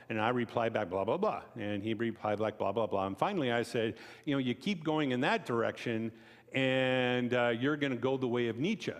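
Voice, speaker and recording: In a church sanctuary, a man preaches a conversational, story-driven sermon full of casual asides to the congregation. When he quotes people, he performs their voices with sharp pitch jumps. The long reverb of the church hall is audible throughout.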